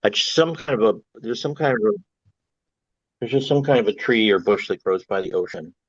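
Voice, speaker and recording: A man chatting on a video call, animated and prone to trailing off into fillers. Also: on the low side, moderate pace, slightly rough, dry recording. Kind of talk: casual chat. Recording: dull lo-fi video call audio.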